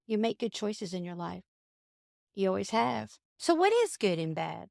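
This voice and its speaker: A woman speaks in a calm, reassuring way about spiritual healing, at a middle pitch. The sound is close and dry, with no room echo. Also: normal speed, gravelly. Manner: calm, reassuring, acts out story voices. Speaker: guest healer. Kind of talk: casual spiritual talk.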